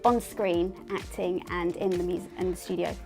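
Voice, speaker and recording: A woman's voice: on the low side, steady tone, moderate pace, creaky, darkish tone, soft background music. A woman from Britain interviewing a guest in an upbeat way, laughing easily. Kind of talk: casual interview questions.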